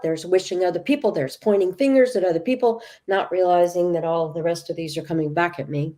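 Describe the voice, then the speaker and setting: Emphatic female spiritual teacher with a mellow tone who spins stories. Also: lowish voice. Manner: emphatic, acts out quoted dialogue. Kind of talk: animated storytelling talk.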